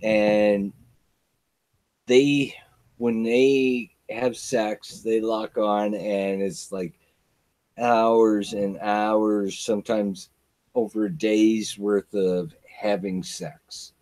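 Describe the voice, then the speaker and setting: Slow-talking man in relaxed chat. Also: lowish voice. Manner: slow, profane, laid back. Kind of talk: casual chat.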